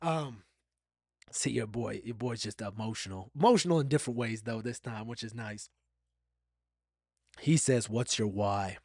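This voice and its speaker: A man's voice: medium pitch, normal speed, pauses often, darkish tone, dry recording, clean studio sound. A man hosting a solo podcast, talking in a candid and reflective way, sometimes getting emotional and repeating himself. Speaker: podcast host.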